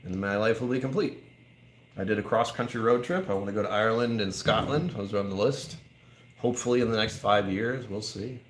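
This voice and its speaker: A man's voice: lowish voice, a little fast, slight background noise. An American man hosting a whiskey livestream, chatting casually, joking and reading viewer comments. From United States. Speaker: whiskey channel host. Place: whiskey bar, indoors.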